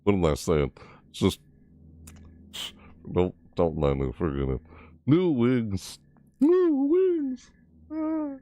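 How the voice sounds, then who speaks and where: A man's voice: low-pitched, very animated, slow pace, pauses often, dark tone, no echo, studio quality. A man reacting to a game trailer, breaking into startled yelps and exclamations and swearing mildly. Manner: mild swearing, 'frick' and 'what the heck'. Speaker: gaming video creator. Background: faint trailer music under the voice.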